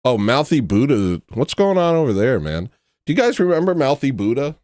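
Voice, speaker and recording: A man's voice: medium pitch, very animated, fairly quick, darkish tone, dry recording, clean studio sound. A man hosting a casual livestream, chatting to viewers and gushing, sometimes dropping to a choked near-whisper. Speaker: livestream host.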